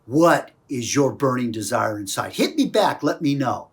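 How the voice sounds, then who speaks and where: A man's voice: medium pitch, very animated, normal speed. A man coaching through an emphatic motivational talk, pressing the viewer with repeated questions.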